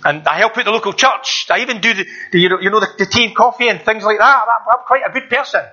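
Brief: preacher putting on a smug churchgoer man, halting and self-justifying, high bright voice, dull lo-fi sound. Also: full character voice. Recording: dull lo-fi recording.

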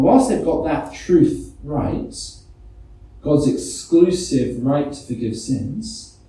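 A man preaches to his congregation, reading verses and pressing them with rhetorical questions. His voice is very dark and mellow, sitting a little higher than most men's. It is picked up from some way off and rings in a very echoey church. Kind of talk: sermon. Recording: echoey church hall, mic from a distance.

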